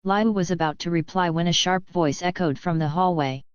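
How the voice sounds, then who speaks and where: A woman reading a web novel aloud as an audiobook narrator, in a steady, even voice with little acting between the figures. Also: on the low side, moderate pace, clean tone, dry recording, dull audio.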